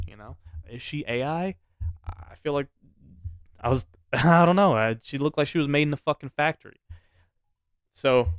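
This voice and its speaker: A man telling a personal story in a casual, animated way, swearing freely and often restarting his sentences. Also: medium pitch, clean tone, no room sound, clean studio sound.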